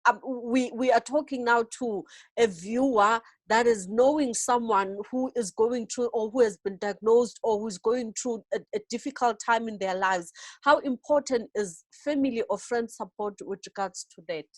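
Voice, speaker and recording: Woman host, slightly high, dry close sound, rambling questions. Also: normal speed, no room sound. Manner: warm-voiced affirming with soft hums, long rambling questions. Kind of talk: studio interview.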